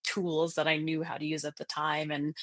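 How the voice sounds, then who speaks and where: A woman's voice: low voice, completely flat delivery, moderate pace, dry recording. A woman telling a ghost story in casual chat, full of "like" fillers, who acts out the voices she quotes. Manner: chatty, heavy on "like" fillers. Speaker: podcast guest telling ghost stories.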